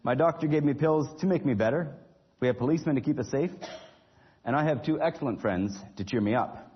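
A man voicing a fussy, high-strung storybook gentleman who exclaims his complaints. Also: a little fast, husky, dull audio, natural voice. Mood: reflective. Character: fussy, easily flustered man.

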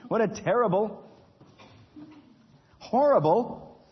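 A man voicing a fussy, high-strung storybook gentleman who exclaims his complaints. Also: animated, slow, slightly rough, lo-fi sound, full character voice. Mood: exasperated. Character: fussy, easily flustered man.

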